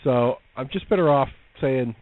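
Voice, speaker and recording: A man co-hosting a casual chat show, amused and animated. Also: mid-range voice, normal speed, narrow, tinny audio. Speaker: co-host.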